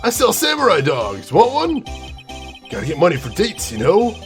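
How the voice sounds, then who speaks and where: A man's voice: sits high, wildly swooping pitch, normal speed, faint music behind, voice pushed up. A man voicing a laid-back, dopey young guy who is lovesick. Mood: goofy.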